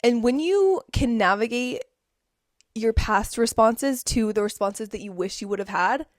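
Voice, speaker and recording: A young woman hosting a casual motivational talk from home, emphatic, repeating key words and dropping into soft asides. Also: a little high, animated, a little slow, no echo, clean studio sound. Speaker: host.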